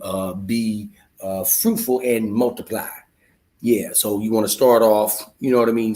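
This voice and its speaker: A young man hosting a casual livestream, chatting with viewers in a loose, joking, slangy way. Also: on the low side. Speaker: livestream host.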